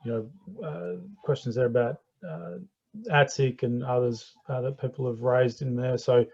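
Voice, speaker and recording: A friendly man hosts an online forum, hesitating often between phrases. His voice is mellow and a little dark. It comes through muffled, lo-fi video call audio. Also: mid-range voice, steady tone, measured pace, creaky. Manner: hesitant, many fillers, friendly. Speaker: forum host.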